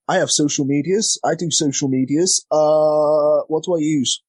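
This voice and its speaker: A man's somewhat high, slightly mellow voice comes through at a moderate pace, with no room sound. He's a wrestler guest in a laid-back interview, spinning rambling stories that poke fun at himself and stumbling over words often.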